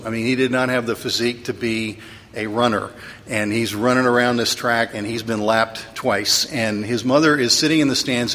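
A man's voice: medium pitch, pushed and bright. A middle-aged man preaching a sermon as pastor, conversational and sometimes humorous, building to emphatic peaks. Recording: long reverb of a large hall.

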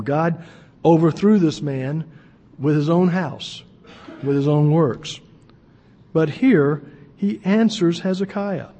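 High-voiced man preaching a sermon. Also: dark tone, husky, long reverb tail. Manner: earnest, emphatic preaching with folksy asides. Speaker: pastor. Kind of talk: sermon with scripture reading.

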